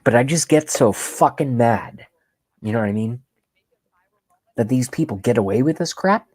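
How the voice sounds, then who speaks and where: An agitated man rants into his webcam in a comic political tirade, swearing freely and lurching from loud outbursts to near whispers. His pitch sits in the middle range, and the sound is close and dry, with no room echo. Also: animated, normal speed. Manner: agitated and profane, swinging between shouting and hushed whispers. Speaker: channel host ranting on camera.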